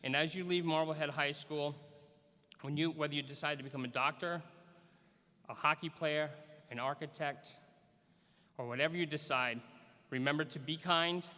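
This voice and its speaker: A man's voice: a little high, steady tone, normal speed, pauses often, pushed and bright, big-room sound. A man, a school superintendent, giving a commencement speech outdoors and telling a story with self-deprecating humor. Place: outdoor graduation on a school field.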